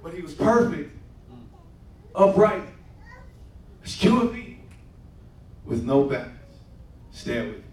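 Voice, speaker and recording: Preacher, man, high voice, casual slangy sermon, church call-and-response, echoey hall. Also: big pitch swings, takes it slowly, pauses often, a little mellow, distant mic. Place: church sanctuary.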